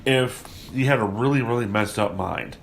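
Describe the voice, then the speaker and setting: A man with a medium-pitched, creaky voice talks at a normal pace over a faint hiss or hum. He's a podcast host rambling through a casual movie review chat, full of fillers and restarts. It's recorded remotely at a guest's home.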